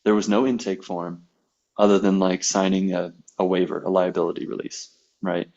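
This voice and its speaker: A man's voice: low voice, little pitch movement, moderate pace, a little mellow, dull audio. A man telling a personal story in casual conversation, acting out quoted dialogue as he goes. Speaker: podcast guest, massage therapist.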